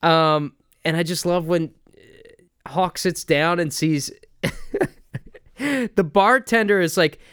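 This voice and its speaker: A man's voice: sits high, animated, takes it slowly, long pauses, fairly bright tone, clean tone, no echo, studio quality. A man hosting a podcast, casually chatting about a film, swearing, laughing and acting out scenes. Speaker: podcast host.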